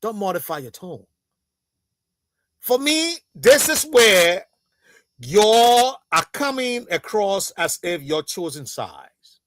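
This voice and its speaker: A man on a political talk show panel, arguing in an animated, insistent way and repeating his points. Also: high voice, slow.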